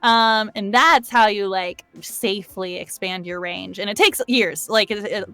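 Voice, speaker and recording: A woman voice actress chatting casually on a live stream, laughing often and getting animated as she talks about voice work. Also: a little slow, clear, resonant tone, dry recording, soft background music. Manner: laughs often, animated when describing pitch. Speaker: voice actress guest. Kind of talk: casual chat.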